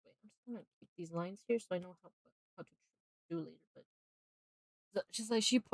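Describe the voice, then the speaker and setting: A woman's voice: fairly low pitch, fairly quick, long pauses, darkish tone, no echo. A woman live-streaming while she draws, recapping a movie in rambling casual chat full of "like" and bursts of laughter. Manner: rambling, constant filler "like", breaks into laughter.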